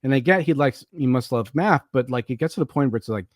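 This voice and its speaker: A man's voice: mid-range voice, quick pace, no room sound. A man hosting a podcast rants animatedly about a movie, swearing freely as he tells the story. The sound is dry and close, with no room around it. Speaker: podcast host. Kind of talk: casual movie review chat.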